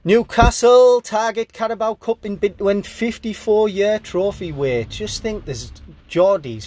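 A man's voice: a little high, a little mellow. Rambling man riffing on headlines. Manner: rambling, jokey, reads headlines and riffs on them. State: sleep deprived. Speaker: podcast host. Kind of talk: casual news commentary.

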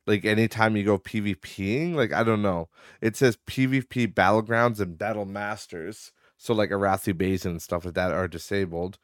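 A man's voice: deep voice, no echo, clean studio sound. A man hosting a podcast in casual rambling chat, swearing and laughing often, sounding tired. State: tired, yawning. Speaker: podcast host.

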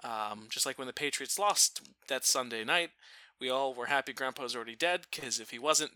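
Bright-voiced man telling a story. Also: mid-range voice, a little fast, dry recording. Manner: animated, profane, laughing while telling. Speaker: storyteller guest. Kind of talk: casual storytelling.

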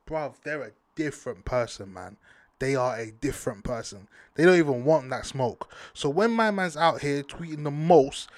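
A man's voice: fairly high pitch, no echo. A man, ranting to camera in slangy, heated talk, repeating himself for emphasis. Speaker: vlogger. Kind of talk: casual ranting commentary to camera.

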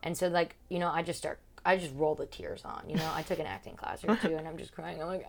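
A woman's voice: sits low, a little fast, vocal fry, few pauses. A young woman, a stand-up comedian, telling a story in casual podcast chat and acting out other people's lines in big voices. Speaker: podcast co-host.

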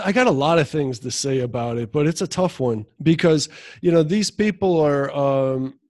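A man's voice: a little high, darkish tone, no echo, studio quality. A man in casual conversation as podcast co-host, chiming in agreeably. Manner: agreeing with short interjections.

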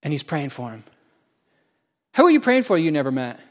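A man in his forties delivers a sermon with a somewhat high voice. He is folksy and animated, joking with his listeners and jumping from loud exclamations to hushed asides. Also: a little fast. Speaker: pastor.

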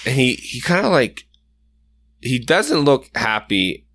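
A man's voice: mid-range voice, big pitch swings, takes it slowly, a bit bright, no room sound. A man narrating a tabletop game as game master, casual and full of fillers. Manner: casual, filler-heavy, often laughing.

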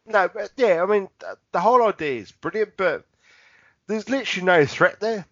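A man's voice: high-pitched, animated, normal speed, a bit bright, muffled recording. A British man co-hosting a podcast, rambling and laughing often, drunk, losing his words. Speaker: podcast co-host. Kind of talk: casual drunken banter.

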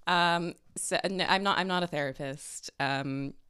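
A woman's voice: on the low side, unhurried, sharp tone, clear, resonant tone. A woman in her thirties, a podcast guest chatting casually, hesitant with many ums and restarts. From California. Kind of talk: casual chat.

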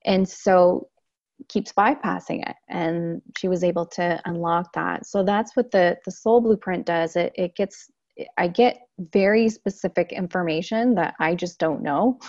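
A woman talking as an interview guest, telling stories in an animated way and acting out quoted lines. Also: lowish voice, no echo, dull audio. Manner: animated storyteller, acts out quotes. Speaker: guest, Akashic Records consultant. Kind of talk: casual interview chat.

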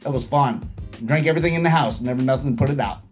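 A man's voice: medium pitch, fast, soft background music. A middle-aged man rambling casually, reading a list aloud and spelling words letter by letter, stumbling on long words and drifting into jokey personal asides. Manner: drifts into personal asides, says "you know what I mean" often.

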